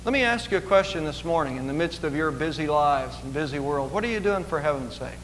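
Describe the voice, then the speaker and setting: Male pastor, high voice, emphatic sermon delivery, church reverb. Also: animated, fast, fairly bright tone, slight background noise. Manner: earnest, emphatic preaching with repetitions. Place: church sanctuary.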